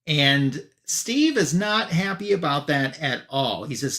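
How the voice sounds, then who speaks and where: A man casually summarizing a comic book issue for a review show, chatty with loose fillers and quick asides. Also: on the high side, lively intonation, pushed and bright.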